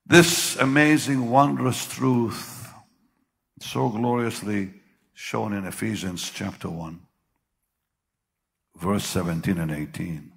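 An older man preaching a sermon, with sudden loud bursts and slow, drawn-out phrases. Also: on the low side, gravelly. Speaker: pastor. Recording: long hall reverb.

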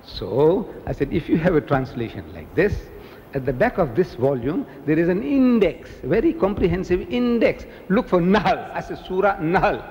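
This South African preacher's public lecture comes through lo-fi, with a big-room sound and a little background noise. He talks at a normal speed, animatedly performing quoted dialogue with wide swings in pitch.

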